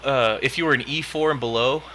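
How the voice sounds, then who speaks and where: A young man swaps stories in casual podcast talk, animated and profane with frequent laughter. His voice sits at a middle pitch with a very bright, forceful edge. A faint noise sits underneath. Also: a little fast. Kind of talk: casual chat, storytelling.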